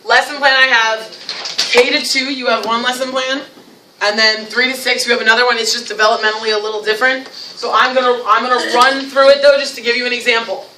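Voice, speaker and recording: A woman presenting a lively teacher workshop, playful and animated, breaking into demonstrations in a large room. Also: a little high, quick pace, recorded from a distance, noisy background. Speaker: special education director leading a teacher workshop. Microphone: distant from the recording mic. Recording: echoey room recorded from afar.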